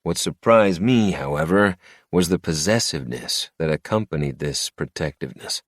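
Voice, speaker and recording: A man narrating a first-person romantic suspense audiobook in a low, measured delivery. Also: expressive, no echo, studio quality.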